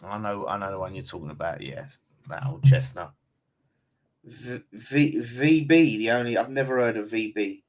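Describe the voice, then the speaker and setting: A man's voice: lowish voice, lively intonation, normal speed. A man with an Essex accent hosting a casual fan live stream, reading out viewer comments in a blunt, chatty way and calling everyone mate. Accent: London and Essex.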